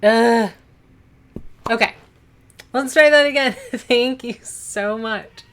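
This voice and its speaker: A woman's voice: on the high side, slow pace. A young woman hosting a casual cooking livestream from her home kitchen, chatting and rambling as she answers viewers' chat. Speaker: livestream host.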